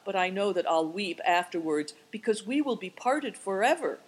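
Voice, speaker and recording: A woman's voice: medium pitch, lively intonation, normal speed, slightly rough. A woman reading aloud voices an earnest, ardent young nomad girl. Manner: ardent and heartfelt.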